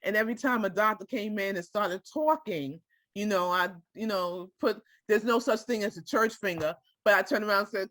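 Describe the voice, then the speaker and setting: A woman's voice: medium pitch, expressive, brisk, a bit bright, no room sound, clean studio sound. A woman telling a personal story to a small group, speaking directly and emotionally and often checking that her listeners follow her.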